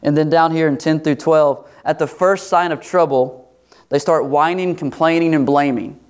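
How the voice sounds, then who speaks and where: A man preaching through a scripture passage. His voice sits a bit high for a man, and he swings into animated, higher-pitched voices whenever he acts out a quote. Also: normal speed, smooth. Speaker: pastor. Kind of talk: expository sermon.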